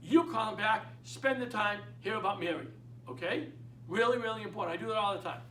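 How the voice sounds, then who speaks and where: A middle-aged man with a Boston accent, coaching real estate agents in an energetic, emphatic way and acting out phone calls. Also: sits high, fairly quick, distant mic, a little hiss or hum. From Boston area. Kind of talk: instructional talk. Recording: echoey room, speaker away from the mic.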